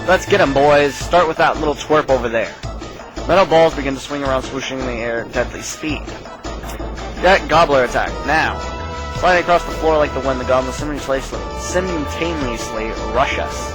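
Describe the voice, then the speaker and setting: A man's voice: mid-range voice, moderate pace, rough recording. Man narrating a text game. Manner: casual reading with asides. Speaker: let's play host. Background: faint game music.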